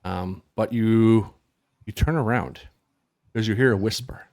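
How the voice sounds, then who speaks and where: A man with a fairly low voice runs a tabletop game and narrates the scene in a loose, rambling way. He fills his sentences with ums and restarts. The sound is dry and close. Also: unhurried, darkish tone, no echo. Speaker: game master.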